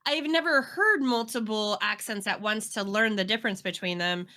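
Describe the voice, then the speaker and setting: Bright, expressive woman chatting. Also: mid-range voice, normal speed. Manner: expressive, laughs often, trails off mid-thought. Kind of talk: casual chat.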